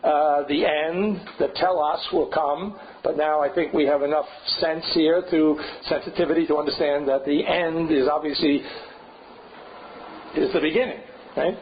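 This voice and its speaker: Older male seminar leader, slightly high voice, musing and restarting as he lectures. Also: fairly even intonation, normal speed. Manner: thinking aloud, frequent restarts and asides. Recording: dull lo-fi recording with faint hiss.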